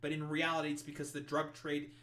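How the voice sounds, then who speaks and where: This streamer's voice is fairly high, fairly bright, and monotone, and he talks fairly quickly. In an exasperated, swear-filled political rant, he reads articles aloud before mocking them.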